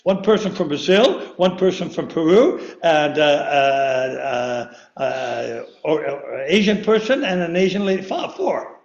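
High-voiced older preacher in echoey chapel. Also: male voice, lively intonation, unhurried, creaky, darkish tone, lo-fi sound. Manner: rambling, repeats words, laughs at himself. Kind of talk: sermon. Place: church chapel. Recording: echoey room.

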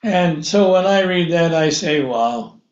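A man preaching a sermon, reading scripture aloud and acting out biblical characters in a slow, deliberate way. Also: high-pitched, steady tone. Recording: echoey room, dull lo-fi sound.

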